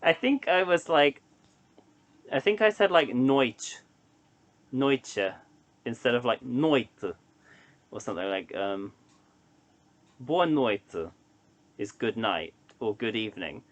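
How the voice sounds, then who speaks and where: A young male vlogger with a mid-range, slightly bright voice chats casually to camera in a solo vlog at a moderate pace. He rambles and hesitates, with lots of ums and restarts.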